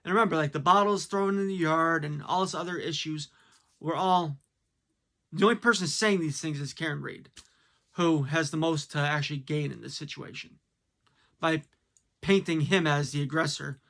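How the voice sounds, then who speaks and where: A man's voice: a little high, moderate pace, creaky, bright, forceful tone. A man giving a blunt, casual opinion monologue, full of fillers and rhetorical questions. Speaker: commentator.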